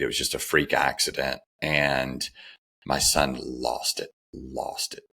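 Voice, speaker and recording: A middle-aged man with an extremely low, husky voice talks as a podcast guest. He tells his story earnestly, circling back to repeat key phrases. His tone has a gravelly, creaky edge. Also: a bit bright. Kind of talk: conversational interview, personal story.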